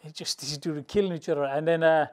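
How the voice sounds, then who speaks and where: Man from England, boxing trainer, chatty storyteller, slightly high voice, casual rambling phrasing. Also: fast, slight background noise. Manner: animated storyteller, laughs through anecdotes; loose, colloquial, rambling phrasing. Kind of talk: storytelling interview answers.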